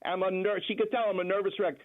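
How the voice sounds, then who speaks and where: A man's voice: high-pitched, little pitch movement, quick pace. A man, a doctor guest, calling in and telling stories in casual chat over a phone line. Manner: storytelling, explanatory.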